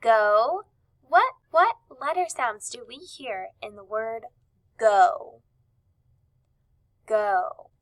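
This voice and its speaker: A woman teacher leading a recorded reading lesson, sounding out words slowly and clearly in an encouraging, upbeat tone. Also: on the high side, very animated, poor audio.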